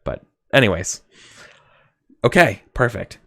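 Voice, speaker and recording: A man's voice: lowish voice, big pitch swings, vocal fry, a bit bright, no echo. A man running a tabletop game as game master, talking casually with frequent self-corrections. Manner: casual, rambling, quick apologies and self-corrections.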